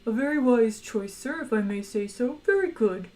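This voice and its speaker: A woman's voice: on the high side, lively intonation, a little mellow, far from the mic, close to an everyday voice, poor audio. A woman voicing a polite, contented male creature bred to be eaten, in a storybook reading. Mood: obliging. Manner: courteous, obliging, unhurried.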